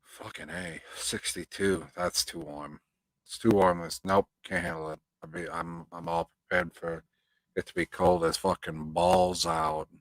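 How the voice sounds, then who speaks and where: A man's voice: deep voice, little pitch movement, measured pace, dry recording, low-quality recording. A man hosting a live stream, chatting casually with his viewers and reading their comments aloud, swearing freely and drifting into rambling rants. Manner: profane, rambling, ranting.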